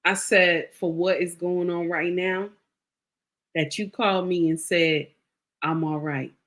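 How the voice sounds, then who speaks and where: Middle-aged woman, bright voice, chatty storytelling to viewers, keeps repeating herself for emphasis. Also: fairly low pitch, steady tone, a little slow. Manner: emphatic, repeats phrases, addresses viewers directly. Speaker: vlogger sharing a personal story.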